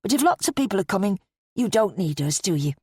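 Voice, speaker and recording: A woman voicing a kind, gentle young woman. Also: mid-range voice, big pitch swings, fast, husky, no room sound, studio quality.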